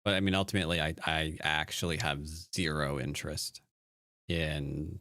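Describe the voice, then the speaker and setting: A man who teaches Go, chatting casually on a live stream, playful and jokey with quick restarts, sounding tired from little sleep. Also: rumbling low, little pitch movement, sharp tone, slight background noise. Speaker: Go player and teacher streaming a game. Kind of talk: casual live-stream commentary answering chat.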